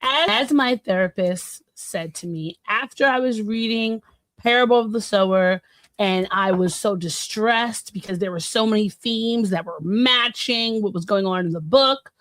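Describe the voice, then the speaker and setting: A woman's voice: medium pitch, unhurried, a bit bright, no echo. A woman co-hosting a podcast, speaking earnestly and emphatically, repeating words for weight. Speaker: podcast co-host. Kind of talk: casual podcast discussion.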